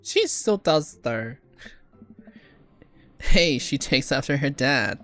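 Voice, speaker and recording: A woman's voice: rumbling low, animated, slow pace, long pauses, fairly bright tone, soft background music. A woman streamer reading dialogue aloud during a live game playthrough, laughing often.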